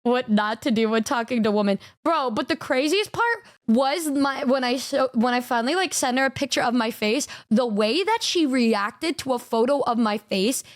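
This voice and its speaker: Animated high-voiced young woman streamer. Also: normal speed, hardly any pauses. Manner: animated, swearing, quotes people in exaggerated voices. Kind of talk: casual stream reaction chat.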